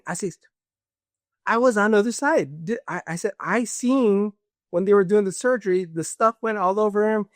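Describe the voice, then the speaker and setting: A man's voice: high voice, normal speed, dry recording, clean studio sound. A man telling a personal story in casual conversation, acting out the voices of others with fillers like "this and that". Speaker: guest.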